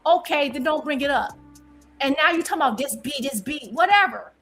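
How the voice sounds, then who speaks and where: Brief: high-pitched woman panelist, defiant and confrontational, heated back-and-forth. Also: animated, fairly quick, a bit bright, soft background music. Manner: confrontational, defiant, repeats herself. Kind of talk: heated live-stream panel argument.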